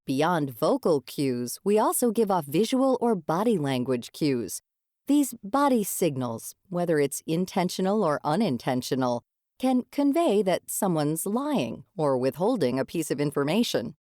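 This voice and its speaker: Woman, low pitch, lively intonation, scripted radio narration, dry studio. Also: unhurried, dry recording. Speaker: radio show host.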